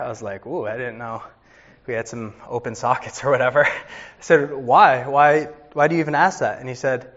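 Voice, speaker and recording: A man's voice: medium pitch, fairly quick, a bit bright, highs cut off. A man in his thirties, a pastor preaching a sermon with earnest storytelling.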